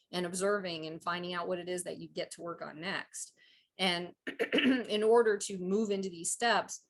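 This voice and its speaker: A woman hosting a live coaching call who reads oracle cards and leads repeat-after-me healing affirmations in a gentle, measured way. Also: lowish voice. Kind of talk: slow guided healing talk with card reading.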